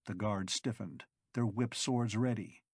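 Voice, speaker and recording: Male audiobook narrator, husky, measured delivery, dry booth sound. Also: lowish voice, darkish tone, dry recording. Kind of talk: scripted narration.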